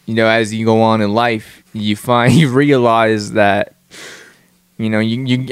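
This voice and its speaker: A man's voice: lowish voice, level tone, unhurried, smooth, dry recording, clean studio sound. A man co-hosting a casual podcast chat, swearing freely and joking around. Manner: profane, jokey, slips into put-on accents. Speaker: podcast co-host.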